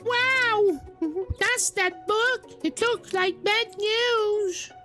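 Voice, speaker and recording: A woman voicing an anxious young female school friend who talks slowly in a squeaky, worried way. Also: sharp tone, soft background music, heavily acted.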